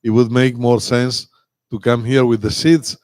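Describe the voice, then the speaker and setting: An older Italian man speaks in an even middle register with an Italian accent. He tells his story at a measured, unhurried pace, the sound dry and close with little room in it. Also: mid-range voice, no room sound. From Italy. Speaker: guest winemaker. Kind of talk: casual live chat.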